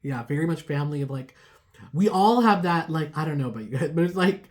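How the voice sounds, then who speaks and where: A woman with a low, animated voice gives her viewers a casual tarot reading at a brisk pace. She rambles, fills her speech with "like," and laughs at herself.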